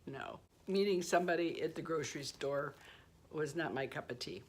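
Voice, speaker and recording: A woman in her sixties chatting casually on her vlog, self-deprecating and quick to laugh at herself, telling stories with playful asides. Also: low voice, breathy edge. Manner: warm storytelling with playful asides. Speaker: beauty vlogger. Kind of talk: casual personal vlog chat.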